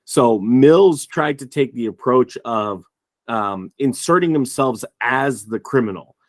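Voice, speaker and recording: A man co-hosting a film podcast, thinking aloud in a halting, casual way with frequent restarts. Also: mid-range voice, lively intonation, no room sound, studio quality. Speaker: podcast co-host.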